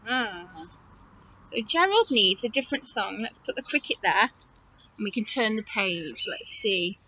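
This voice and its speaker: A woman teacher reading a picture book aloud to children, expressive and asking them questions as she goes. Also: medium pitch, unhurried, dull audio, noisy background. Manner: expressive, warm-toned questioning of young listeners.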